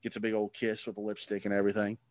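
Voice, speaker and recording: A man's voice: fairly low pitch, completely flat delivery, racing, dry recording. A man hosting a casual podcast chat, rambling and sarcastic, swearing freely.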